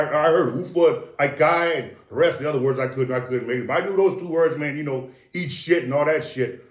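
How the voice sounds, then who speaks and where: A man's voice: a little high, echoey room. A middle-aged man telling boastful, profane stories in a casual interview. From Samoan American. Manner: profane, boastful, animated storytelling. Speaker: interview guest.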